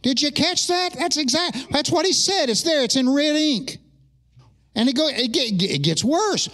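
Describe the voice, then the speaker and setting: A middle-aged man, a pastor, praying and then preaching an animated sermon with humorous asides to his congregation in a church. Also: very high voice, a little slow. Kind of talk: sermon with opening prayer. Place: church sanctuary during a service.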